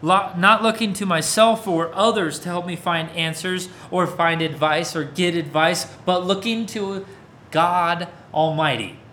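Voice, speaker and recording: A man's voice: sits high, measured pace, bright, forceful tone, a little hiss or hum. A man preaching a sermon in a casual, conversational way, often checking that his listeners follow along. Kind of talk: interactive sermon.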